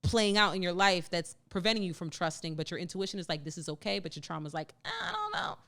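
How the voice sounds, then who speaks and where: A woman co-hosting a casual podcast chat, telling stories in an animated, expressive way with relaxed slang. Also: lowish voice, fast talker. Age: adult with a young daughter. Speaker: podcast co-host.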